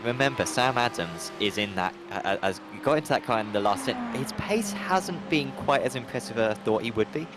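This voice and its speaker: A man's voice: mid-range voice, expressive, a little fast, hardly any pauses, over music. A man commentating on a sim race, talking in a rambling, hesitant way with lots of fillers and restarts.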